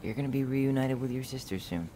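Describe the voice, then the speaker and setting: A man voicing a young man in a video game who is leaving a detention center, soft-spoken and wistful. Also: medium pitch, fast talker, crowd noise, close to an everyday voice. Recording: game audio with loud hiss.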